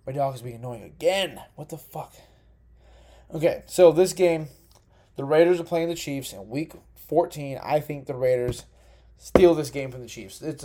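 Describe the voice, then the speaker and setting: A man's voice: medium pitch, mellow. A young man hosting a casual solo sports podcast, rambling through picks, cursing and correcting himself, on uneven home audio. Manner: rambling, profane, self-correcting. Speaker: podcast host.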